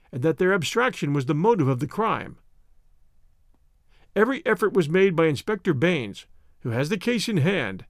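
A man narrates a classic detective story in a steady, measured way, his voice high and lively. The sound is dry and close to the mic, as in a booth recording. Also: no room sound. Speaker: audiobook narrator.

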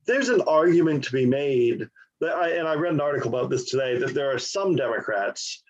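A man co-hosting a podcast, speaking in a halting, agreeable way with lots of fillers. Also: fairly high pitch, animated, highs cut off, a little hiss or hum. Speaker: podcast co-host. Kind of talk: casual political chat.

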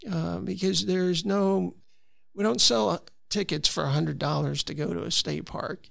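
Gravelly-voiced man, earnest storyteller. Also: sits high, fairly even intonation, unhurried, a bit bright, no room sound, studio quality. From Florida. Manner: earnest, storytelling with many restarts. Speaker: conservation advocate, guest. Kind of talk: conversational interview.

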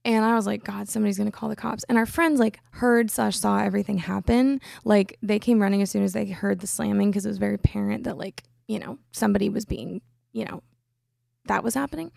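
Young woman podcaster, super fry-heavy voice, dry close sound, says like a lot. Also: medium pitch, fairly even intonation, fast talker, a little mellow, no room sound. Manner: chatty, many "like" fillers. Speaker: podcast host. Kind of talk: casual personal storytelling.

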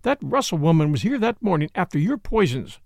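A man's voice: fairly high pitch, sing-song, fairly quick, gravelly, darkish tone, no room sound, full character voice. A man voicing a nosy, knowing middle-aged spinster who talks insistently and mysteriously.

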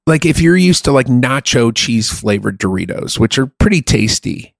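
A man's voice: medium pitch, big pitch swings, moderate pace, creaky, no echo. A man co-hosting a podcast, chatting casually and bluntly, swearing often as he rants. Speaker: podcast co-host. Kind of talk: casual profane chat.

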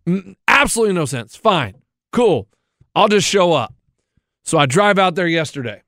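A man's voice: high-pitched, sing-song, normal speed, a bit bright, dry recording, clean studio sound. A man co-hosting a radio show, telling a story in casual chat and acting out the other people in it. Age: middle-aged.

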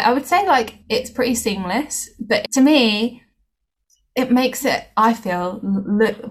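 A woman co-hosting a casual podcast chat, talking in a chatty, hedging way full of "like" and "I feel". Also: medium pitch. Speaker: podcast co-host.

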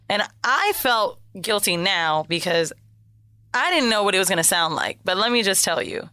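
A woman recounts a story in casual, blunt chat, cursing freely. Her voice is bright and forceful. The recording is dry and close. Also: medium pitch, moderate pace, no room sound. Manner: blunt, expressive, swearing.

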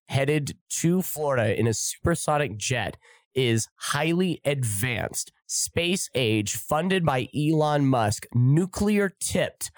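A male podcast host with a flippant, sarcastic streak and a habit of swearing in his comedic monologue. His voice sits in an ordinary middle pitch, and the sound is dry and close. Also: no room sound.

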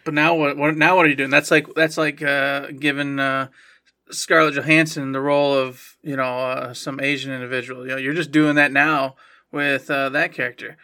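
A man's voice: mid-range voice, sharp tone. A man co-hosting a podcast, teasing his partner in wry casual chat. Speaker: podcast co-host.

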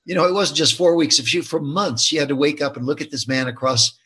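A man's voice: fairly high pitch, steady tone, fast talker, sharp tone, breathy edge. An older man talking casually in an interview about his film, telling stories with many restarts and fillers.

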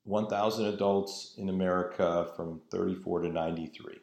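A man's voice: deep voice, fairly even intonation, normal speed, darkish tone. A man preaching a sermon in an earnest, emphatic way, drawing out his phrases. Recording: roomy echo.

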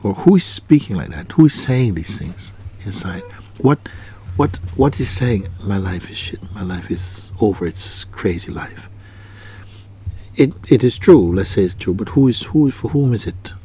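A man's voice: fairly low pitch, expressive, moderate pace, few pauses, dark tone, slight background noise. A man giving a spiritual talk as a teacher, asking probing questions and often repeating his phrases. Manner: questioning, repeats phrases, acts out quoted people.

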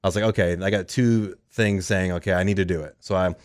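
Fast-talking deep-voiced man telling a story. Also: no echo, studio quality. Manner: animated, quotes people in lively voices. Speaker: radio show cast member. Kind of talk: conversational storytelling.

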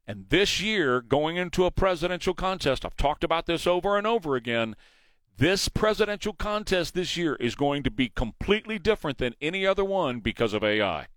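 A man's voice: fairly high pitch, animated, fairly quick, fairly bright tone, no echo. A man hosting a morning news talk show, talking emphatically and asking rhetorical questions into a studio mic. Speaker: radio talk show host.

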